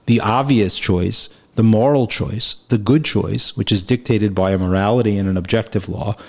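A man's voice: on the low side, moderate pace, vocal fry. A man giving a reflective spiritual teaching, telling a parable and repeating phrases for emphasis.

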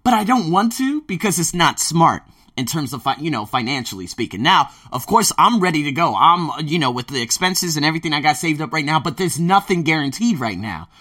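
A man hosts a casual podcast monologue, his voice sitting a little high with a bright, forceful edge. He tells stories about his life as a teacher working abroad, acts out his own lines with energy and swears without holding back. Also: fairly quick. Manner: animated storyteller who acts out his own quotes, swears freely. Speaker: podcast host.

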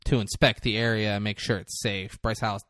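A man's voice: lowish voice, flat delivery, fairly quick, a bit bright, no echo. Young male co-host, rambling profane recap, dry close sound. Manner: rambling, joking, swears often. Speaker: podcast co-host. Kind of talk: casual, profane movie recap.

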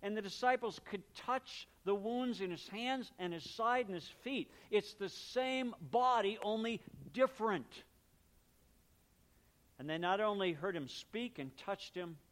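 A man with a notably high speaking voice delivers a sermon from the pulpit. He talks to the congregation in an easy, conversational way, unpacking the meaning of words and slipping into quick voiced exchanges to make his point. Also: lively intonation, fairly bright tone. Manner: conversational, explains word meanings, acts out little exchanges. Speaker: pastor.

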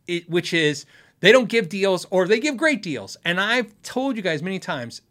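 Man, casual livestream host, friendly and frank, laughs a lot, slightly high voice. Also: sing-song, moderate pace, fairly bright tone. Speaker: host answering viewer questions.

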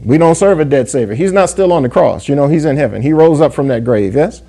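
A man preaching a sermon, his voice pitched a little higher than most men's yet dark and warm in tone. He reads scripture aloud in old-fashioned wording and keeps asking the congregation "yes?" and "amen?". He slows right down to lean on key words. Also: lively intonation, breathy edge. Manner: call-and-response asides, frequent "yes?" and "amen?". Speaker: pastor.

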